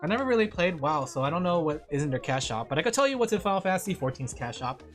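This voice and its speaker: A woman's voice: sits low, sing-song, fast, faint music behind. A woman streamer chatting casually while she draws, rambling and thinking aloud as she reads chat. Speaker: vtuber streamer.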